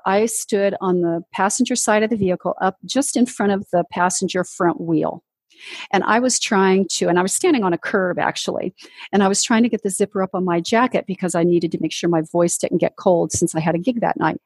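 A woman's voice: lowish voice, moderate pace, darkish tone, husky, dry recording. A woman, a ministry leader, guest on an interview show, telling her personal testimony in an earnest storytelling way, acting out the voices she quotes.

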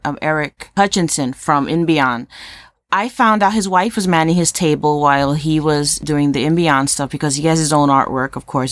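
A woman co-hosting a podcast, chatting casually and telling stories with animated, playful energy. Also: rumbling low, dry recording. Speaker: podcast co-host. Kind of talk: casual chat.

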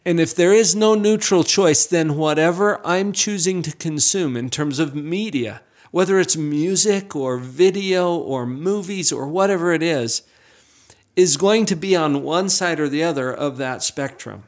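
Reflective male interview host, higher voice. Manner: reflective, deliberate. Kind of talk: interview conversation.

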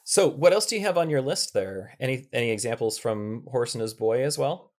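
A man's voice: mid-range voice, expressive, brisk. A man hosting a podcast who talks carefully, thinking aloud and choosing his words. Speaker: podcast host. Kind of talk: casual podcast interview.

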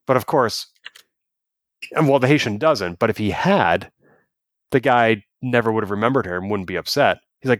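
Low-voiced man chatting on a podcast. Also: fairly quick, no room sound, studio quality. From United States. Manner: chatty, animated storytelling with quoted asides. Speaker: podcast co-host. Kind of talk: casual review chat.

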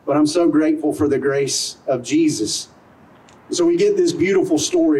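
A man's voice: fairly high pitch, normal speed, dark tone, distant mic, a little hiss or hum, low-quality recording. A middle-aged man preaching an outdoor sermon as pastor, earnest and conversational, full of rhetorical questions. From American South. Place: outdoor service in a parking lot.

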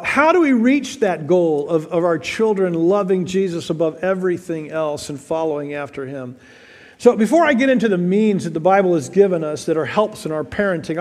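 Guy preaching, kinda high voice, earnest, long hall reverb. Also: darkish tone. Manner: earnest, repeats words, slows for emphasis. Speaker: pastor. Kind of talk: sermon.

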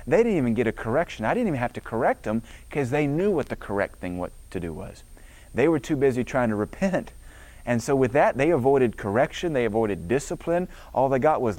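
Middle-aged male pastor, emphatic preacher, medium pitch, dry close recording. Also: very animated, quick pace, a little mellow, no room sound. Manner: emphatic, preacherly cadence quoting scripture. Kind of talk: sermon.

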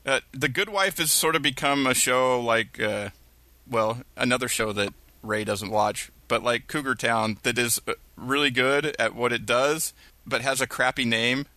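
A man's voice: medium pitch, moderate pace, pushed and bright, no echo. A man co-hosting a TV podcast in casual chat, rambling with lots of fillers. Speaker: podcast co-host.

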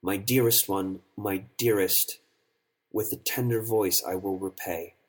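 A man's voice: sits low, steady tone, unhurried, breathy edge. A man voicing a devoted young woman who speaks tenderly and with emotion in an audiobook story.

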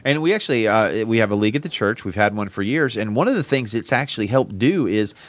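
A man's voice: fairly low pitch, expressive, fast talker, no room sound. A man co-hosting a casual church podcast, chatting easily and chiming in with short agreements. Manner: easygoing, brief agreeing interjections. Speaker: podcast host.

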